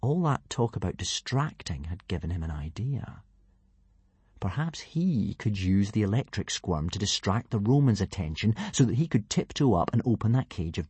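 A man narrating a children's adventure story in a playful, lively manner. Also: fairly low pitch, slightly rough, no echo. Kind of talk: audiobook narration.

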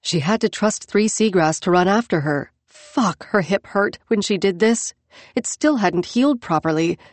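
A woman narrating an audiobook in a measured, even storytelling manner. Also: mid-range voice, no echo. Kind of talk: scripted narration.

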